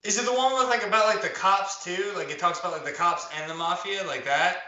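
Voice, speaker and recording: A man interviewing a guest in casual chat, talking quickly with lots of "like"s. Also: high-pitched, pushed and bright, echoey room, highs cut off. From New Jersey area. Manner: quick, chatty, many "like"s.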